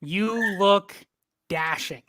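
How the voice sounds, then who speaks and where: A man's voice: sits high, drawn-out words, sharp tone. A man hosting a streamed panel over a video call, introducing guests with playful wordplay. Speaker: host.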